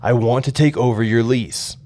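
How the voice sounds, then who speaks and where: A man's voice: mid-range voice, moderate pace, a little mellow, natural voice. A man voicing his young male Russian neighbor, friendly and brotherly, with a Russian accent. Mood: eager.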